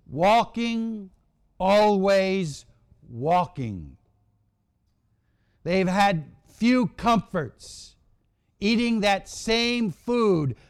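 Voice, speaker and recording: Male preacher, high voice, slow and dramatic, long pauses, sermon. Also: clear, resonant tone.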